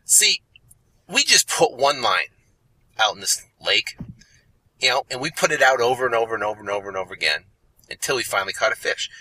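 A man's voice: medium pitch, expressive, fast talker, bright, forceful tone, slightly rough, poor audio. A man hosting a motivational podcast, talking emphatically and repeating phrases for effect. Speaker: podcast host.

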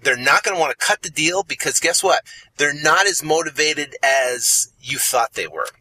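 A man's voice: a little high, animated, normal speed, pushed and bright, low-quality recording. A man hosting a motivational podcast, talking emphatically and repeating phrases for effect. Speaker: podcast host.

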